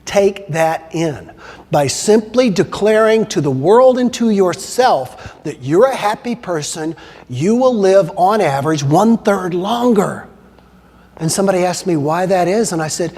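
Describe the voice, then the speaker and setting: A man's voice: high voice, lively intonation, a little slow, darkish tone. A man giving a keynote talk, telling a story and acting out the quoted voices. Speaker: motivational speaker. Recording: long hall reverb.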